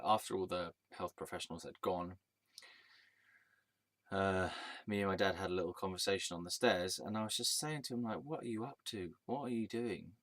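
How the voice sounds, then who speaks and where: A low-voiced man vents in a rambling, angry monologue, cursing often and circling back on himself mid-sentence. The recording is dry and close, with no room sound. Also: a bit bright, dry recording. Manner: angry, rambling rant with swearing and restarts. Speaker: vlogger telling a personal story. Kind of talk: casual storytelling monologue.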